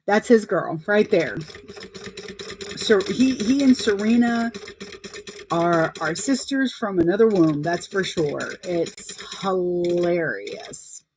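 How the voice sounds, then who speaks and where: A woman's voice: medium pitch, a little mellow. A woman vlogger chatting casually and telling anecdotes while talking through her sewing steps.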